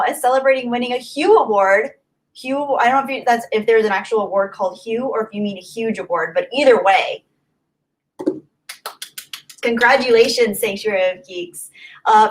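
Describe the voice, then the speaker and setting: A woman's voice: a little high, moderate pace, rough recording. A young woman hosting a livestream, chatting casually and rambling as she answers viewer comments, often repeating herself. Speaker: livestream host.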